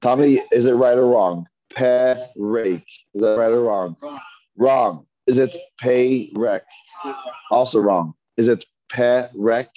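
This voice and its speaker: A man's voice: mid-range voice, moderate pace, dull audio. A man teaching a Hebrew reading class, patiently sounding out words one syllable at a time and asking learners to repeat. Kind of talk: slow syllable-by-syllable reading lesson.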